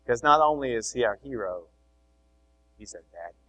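A middle-aged man preaching a sermon, animated, swinging between loud emphasis and soft asides. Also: medium pitch, moderate pace, low-quality recording. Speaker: pastor.

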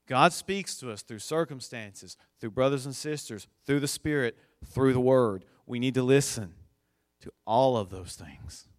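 A man preaching a sermon, slow and deliberate, building to emphatic high points as he retells a scripture story. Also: no room sound, clean studio sound.

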